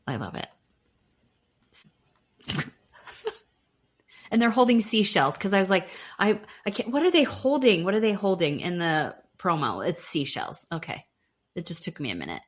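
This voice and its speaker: A woman's voice: on the low side, very animated, unhurried, long pauses. A woman co-hosting a podcast, chatting casually about reality TV, laughing often and trailing off mid-thought. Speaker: podcast co-host.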